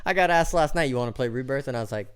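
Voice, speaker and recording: Man in a relaxed podcast chat. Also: medium pitch, racing, smooth. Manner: animated storyteller, swears freely, acts out quotes. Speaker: podcast co-host. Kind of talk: casual sports and gaming chat.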